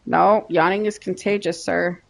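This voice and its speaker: A woman's voice: lowish voice, fairly even intonation, gravelly. A woman game streamer chatting casually and teasing her viewers and pets while she plays. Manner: playful, teasing, drawn-out. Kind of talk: casual chat while gaming.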